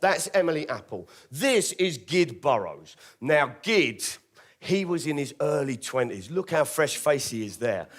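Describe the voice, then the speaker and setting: Very animated and unhurried, with a fairly high voice, this British comedian relates a true tale on stage during a live storytelling comedy show, wryly and theatrically performing everyone else's lines.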